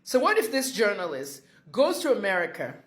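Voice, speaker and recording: A woman's voice: medium pitch, huge pitch swings, moderate pace. Outspoken woman in a roomy echo. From Nigeria. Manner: outspoken, rambling, digressive. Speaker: online commentator. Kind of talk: direct-to-camera commentary.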